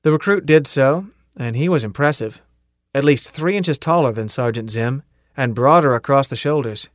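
Man, audiobook narrator, mid-pitched voice, measured first-person telling, dry close studio sound. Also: no room sound.

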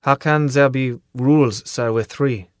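A man's voice: mid-range voice, a little slow, no room sound, studio quality, natural voice. A man voicing a polite, careful young male recruit with a German accent, speaking formally in an audiobook.

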